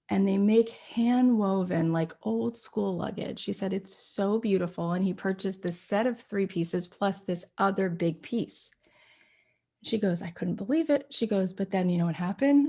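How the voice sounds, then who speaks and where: A woman host in her forties giving a spiritual talk, telling a story with lively dialogue and then reflecting in a teaching tone. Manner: animated storyteller, acts out quoted dialogue with rising pitch.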